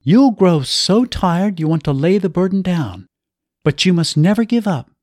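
An older woman pleads firmly and caringly, insistent in every word , voiced by a man reading aloud. The pitch is lifted and swings widely, the delivery unhurried. A close, dry recording. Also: lively intonation, darkish tone, no echo. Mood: imploring. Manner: earnest, imploring, insistent.

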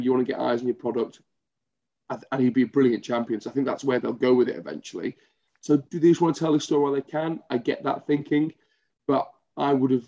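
A man co-hosting a podcast, chatting casually and eagerly, with quick agreeing interjections. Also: medium pitch, gravelly, mellow. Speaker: podcast co-host. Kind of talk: casual wrestling chat. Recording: slightly dull lo-fi audio.

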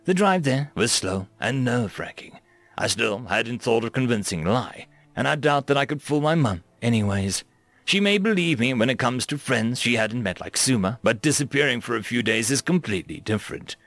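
A young man reads a fantasy story aloud in an animated way, acting out the lines. His pitch moves a lot, and his voice has a gravelly grain. The recording is dry and close. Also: moderate pace, no echo. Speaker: narrator.

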